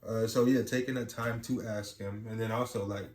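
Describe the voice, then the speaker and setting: A man's voice: on the low side, steady tone, moderate pace, a little mellow, a little hiss or hum. A young adult man co-hosting a casual chat about marriage, talking in a rambling way full of "you know"s. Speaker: podcast co-host. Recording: echoey room with faint ambience.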